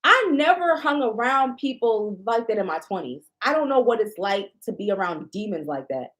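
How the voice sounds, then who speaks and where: A woman's voice: medium pitch, big pitch swings, normal speed. A woman with a blunt, indignant, profane manner, ranting casually to her viewers as a shop owner and vlogger.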